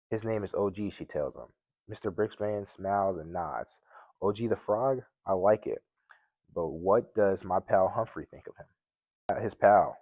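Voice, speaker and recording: A man's voice: low voice, darkish tone, no echo. A man reading a children's book aloud as a guest reader, plainly, with occasional slips and restarts.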